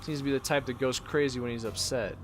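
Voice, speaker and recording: A man's voice: medium pitch, fast, a little hiss or hum. A man casually commentating while he plays a game, joking, swearing and reading the game's text aloud. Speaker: let's play host.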